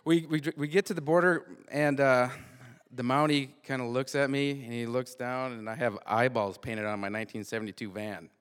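A man tells a story in a loose, lively way, stumbling over and repeating words as he goes. His voice sits at an ordinary middle pitch. The sound carries a long reverb, as in a hall. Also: normal speed, clean tone. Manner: animated, repeats and restarts words often. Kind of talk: live casual storytelling.

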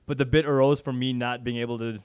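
A man's voice: medium pitch, flat delivery, fast talker, darkish tone, smooth. Chatty, self-deprecating man. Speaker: podcast guest, magician and improv performer. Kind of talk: casual podcast chat.

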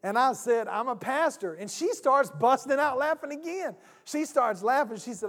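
Preacher guy, high-ish voice, folksy storytelling, big church echo. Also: moderate pace, few pauses. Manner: folksy, animated storytelling, acts out both sides of a phone call. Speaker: pastor. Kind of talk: sermon with storytelling. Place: church sanctuary. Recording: church hall reverb.

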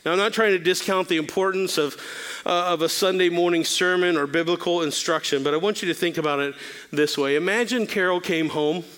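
A man's voice: high-pitched, fairly even intonation, fairly quick, fairly bright tone, smooth. A middle-aged male pastor giving a sermon-style talk, telling candid, self-deprecating stories with the odd filler.

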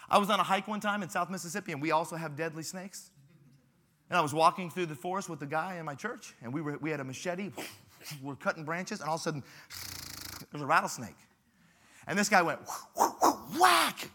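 Brief: playful pastor, high, bright voice, dramatic storyteller. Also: male voice, quick pace. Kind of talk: sermon at a youth rally.

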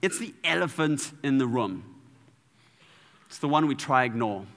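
A man preaching a sermon in a playful, animated way, sometimes adding sound effects. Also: medium pitch, unhurried, in a large hall.

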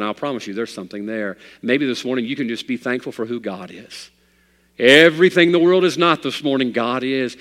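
Man preaching in a reverberant hall. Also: mid-range voice. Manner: storytelling preacher, swings from loud emphatic to quiet. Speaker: pastor. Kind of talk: sermon.

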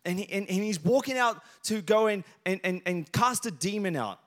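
High-voiced pastor preaching. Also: male voice, animated, normal speed. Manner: storytelling, builds to loud emphatic passages. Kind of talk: sermon.

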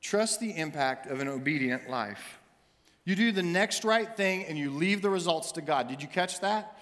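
A middle-aged senior minister preaches in a bright, high, animated voice at a moderate pace, hammering his points with short, punchy, repeated lines. A long reverb carries his sermon through the church sanctuary.

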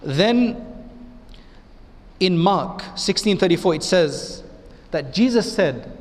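A man with a high-pitched voice delivers an Islamic lecture as an imam. He talks conversationally and keeps turning to his listeners with rhetorical questions. His words carry a long reverb from a large hall. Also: expressive, moderate pace.

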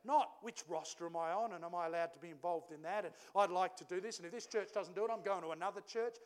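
A middle-aged man preaching a sermon in a church, telling a family story with lively acted-out dialogue. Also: high voice, fast talker. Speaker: pastor.

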